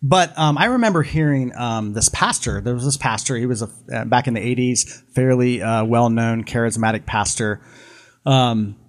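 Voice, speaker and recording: A man's voice: mid-range voice, normal speed. A man co-hosting a live podcast, telling a long story with many restarts and asides. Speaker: podcast co-host.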